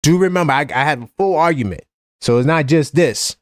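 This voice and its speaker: A man with a New York accent hosting a live-stream basketball chat, animated and opinionated, often repeating himself. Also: a little high, a little fast, dry recording, studio quality. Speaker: basketball fan show host.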